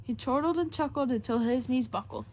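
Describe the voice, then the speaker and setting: A woman reading a children's rhyming picture book aloud, expressive and rhythmic. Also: high voice, fairly quick, slight background noise. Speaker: storybook reader, show host.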